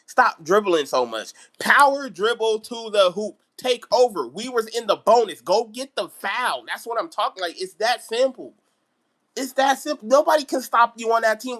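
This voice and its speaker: Guy ranting on his live stream, aave, high voice, bright and sharp, keeps repeating himself. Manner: animated, repetitive ranting. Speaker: basketball vlogger. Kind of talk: live-stream sports rant.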